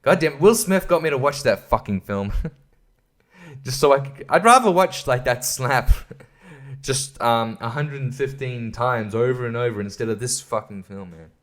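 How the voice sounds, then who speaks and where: A man's voice: medium pitch, lively intonation, moderate pace, a bit bright. Profane, rambling man ranting about a film. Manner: stumbles and laughs between thoughts. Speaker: podcast host. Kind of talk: casual film review rant.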